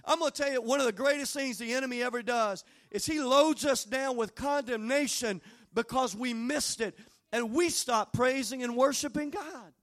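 Pastor, male, very high voice, folksy storyteller who climbs to fervent shouting. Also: normal speed. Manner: folksy, humorous asides. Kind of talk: sermon.

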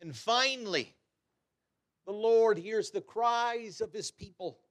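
A middle-aged man preaching a sermon, fervent, swinging between loud exhortation and quiet asides. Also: sits high, slow pace.

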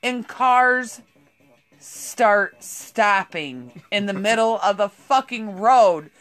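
A woman's voice: mid-range voice, expressive, drawn-out words, a bit bright. Woman, casual storytelling, heavy swearing, laughing, rambling. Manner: profane, rambling, laughs a lot.

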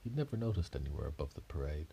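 Man narrating a made-up story, very low dark voice, rambling, restarts often. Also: very animated, racing, gravelly, slight background noise. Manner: rambling, with frequent restarts and self-corrections.

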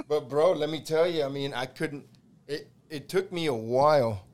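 A man's voice: a little high, a little mellow, slight background noise. A middle-aged American man hosting a podcast, telling a long story in casual chat, acting out the quotes, swearing and laughing along. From United States. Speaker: podcast host.

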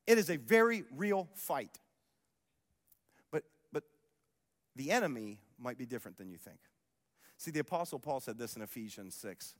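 Man, pastor, passionate sermon, loud to hushed swings, bright tense voice, long hall reverb. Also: extremely high pitch.

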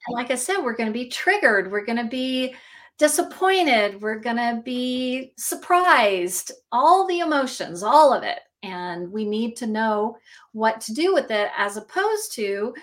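A woman's voice: fairly high pitch, very animated, a little slow, fairly bright tone. Earnest woman, emotions advocate. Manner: earnest, reflective, repeats phrases for emphasis. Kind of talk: casual podcast chat.

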